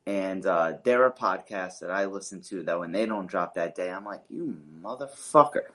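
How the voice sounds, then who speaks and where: A man co-hosts a casual podcast in a fairly low voice. He chats in an easygoing, laid-back way, trading relaxed banter with his partner. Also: moderate pace. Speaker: podcast co-host.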